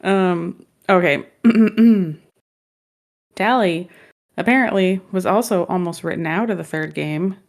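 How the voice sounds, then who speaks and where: A woman's voice: lowish voice, slow pace, a little mellow. Playful, jokey woman podcast co-host. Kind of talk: casual chat.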